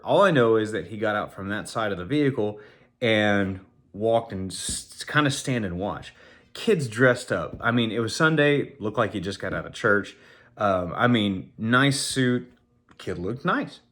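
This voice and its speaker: A man's voice: on the low side, expressive, moderate pace, fairly bright tone. A middle-aged man telling a story casually to the camera, rambling with many fillers and restarts, and chuckling as he goes. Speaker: channel host telling a story.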